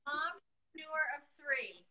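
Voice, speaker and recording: A woman's voice: high voice, animated, unhurried, pushed and bright, poor audio. A woman in her thirties, a guest painter chatting casually on a live demo, joking and telling stories. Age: 30s.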